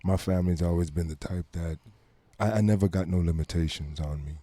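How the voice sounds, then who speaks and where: Guest, male wrestler, very low and dark voice, short clipped answers. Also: brisk, dry recording. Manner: terse, quiet replies. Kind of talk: interview answers.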